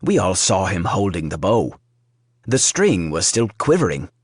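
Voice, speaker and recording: Narrator as a rattled, babbling household steward; low, dry. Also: male voice, sing-song, a little slow, slightly rough, no echo, heavily acted. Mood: protesting. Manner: hasty, babbling. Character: flustered, nervous male seneschal.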